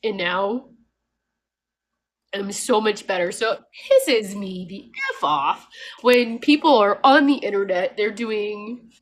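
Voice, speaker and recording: A woman vlogger talking casually and frankly, laughing often and mimicking others as she rants. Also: medium pitch. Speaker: homesteading vlogger. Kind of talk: casual talking-head rant.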